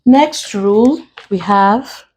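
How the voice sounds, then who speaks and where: A woman's voice: medium pitch, lively intonation, slow pace, darkish tone, slightly rough, rough recording. A woman from Nigeria teaching an exam-prep English lesson, spelling out letters one by one and explaining each step. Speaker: English tutor.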